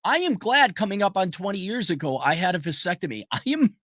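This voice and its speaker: A middle-aged man delivers a blunt, profane monologue as host of his own show. His somewhat high voice leaps widely as he rants and mocks imagined critics. The sound is dry and close, with no room around it. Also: fairly quick, no room sound. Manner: animated, switches to mocking impressions. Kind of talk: personal monologue.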